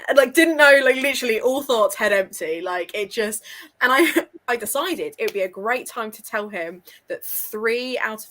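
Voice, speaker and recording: Young woman gushing in a live chat, swears, laughs a lot, mid pitch. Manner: excitable, swears, laughs often. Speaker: podcast co-host. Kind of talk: casual chat.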